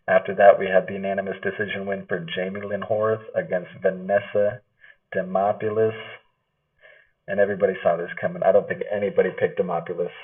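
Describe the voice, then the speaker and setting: A man with a deep, low voice talks through a fight recap in a loose, rambling way and swears casually. The sound is thin and phone-like, picked up by a built-in device mic set some way off. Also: far from the mic. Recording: lo-fi tinny audio, away from the mic.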